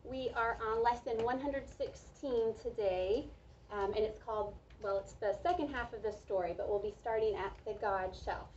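A slightly high-voiced woman teaches young children to read, drawing out words and praising their answers. She sounds distant and dull, picked up by a camera across an echoey classroom with a faint hum of room noise. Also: a little mellow. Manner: slow, clear, encouraging teacher talk with drawn-out words. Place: school classroom.

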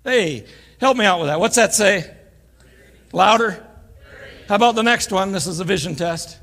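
A church live stream carries this guest preacher's sermon through the sanctuary's long reverb. An older man, he keeps things homespun and full of jokes, voicing the characters in his stories. He speaks at a normal speed in a fairly high, somewhat bright voice.

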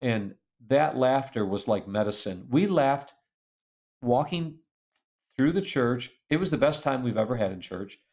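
Gravelly middle-aged man telling family stories. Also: mid-range voice, a little slow. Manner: animated, laughing as he reads old letters aloud. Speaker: author and speaker. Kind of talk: interview storytelling.

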